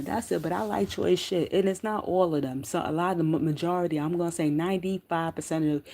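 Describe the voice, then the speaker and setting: A middle-aged woman giving casual, profane commentary as a streamer, loud and laughing, full of slang as she tells stories. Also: low voice. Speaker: streamer commenting on street interview channels.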